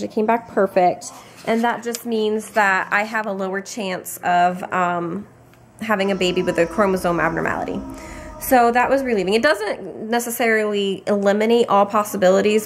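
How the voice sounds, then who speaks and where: A woman's voice: medium pitch, normal speed, a little hiss or hum. A tired young woman giving a casual pregnancy update to her camera, chatty and rambling with many fillers and restarts. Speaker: vlogger.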